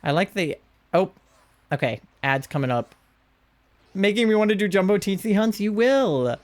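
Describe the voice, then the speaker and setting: A young man chats through a live game stream in a smooth, slightly high voice. He gushes and coos at cute creatures, swinging between relaxed muttering and excited squeals. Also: normal speed.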